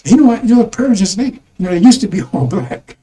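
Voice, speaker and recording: A man's voice: high-pitched, very animated, fast, warm tone, rough recording. A man preaching in a rambling, emphatic sermon, repeating words and addressing his listeners as brothers and sisters. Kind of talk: sermon broadcast commentary.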